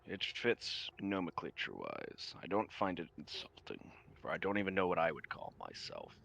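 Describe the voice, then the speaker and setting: A man voicing a low, calm mind vampire. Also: moderate pace, vocal fry, exaggerated voice. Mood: measured. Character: elegant male mind vampire, calm and measured.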